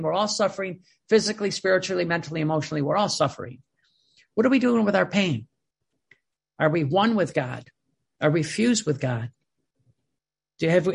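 Here a man with a high voice, vocal fry and huskiness reads devotional passages in a sermon, commenting on them with earnest emphasis as his volume shifts from loud to soft.

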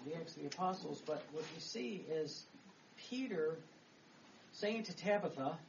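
Rambling priest heard from a distance. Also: male voice, fairly high pitch, lively intonation, normal speed, creaky. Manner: rambling and chatty, with laughs and restarts. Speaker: Catholic priest. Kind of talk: homily. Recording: distant mic, dull sound, faint background noise.

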